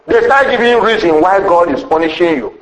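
A man's voice: high voice, lively intonation, a little fast, a bit bright, roomy sound, rough recording. A man preaching a sermon with emphasis, rhetorical questions and a repeated refrain.

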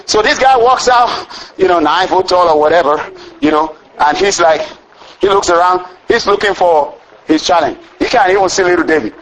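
A man with a high voice delivers a storytelling sermon. He preaches in an animated way, with sudden exclamations and chuckles between his points. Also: moderate pace, low-quality recording.

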